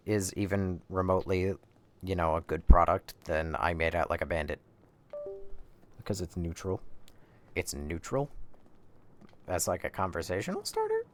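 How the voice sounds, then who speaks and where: A man's voice: sits low, a little hiss or hum. A young man casually commentating a horror game on stream, rambling and swearing as he plays. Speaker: livestreamer playing a horror game.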